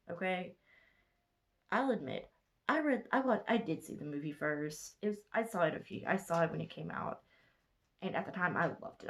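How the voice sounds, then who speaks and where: A sleepy woman in her twenties with a Southern US accent, yawning late at night, records a casual book review vlog. Her fairly low voice rambles chattily, pausing often for self-corrections and gushing over the parts she loved.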